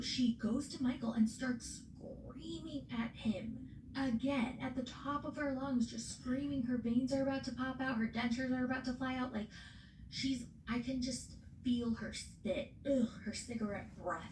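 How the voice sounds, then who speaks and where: A woman with a fairly high voice recaps reality TV in casual, animated chat. She is blunt and swears freely. Her voice sounds roomy and distant, with steady noise in the background. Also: normal speed. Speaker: podcast host.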